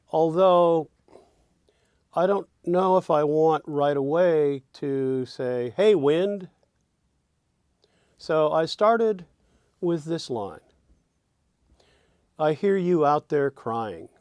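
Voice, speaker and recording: A man's voice: fairly high pitch, darkish tone, smooth, no echo, studio quality. A man teaching songwriting in a reflective lecture, often sounding out rhythms with sung syllables.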